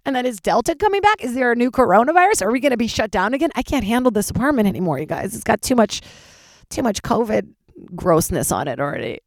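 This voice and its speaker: A woman's voice: a little high, big pitch swings, fast talker, no echo, clean studio sound. A woman stand-up comedian, tired, chatting candidly and swearing freely in a solo podcast recorded in a closet. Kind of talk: casual solo podcast chat.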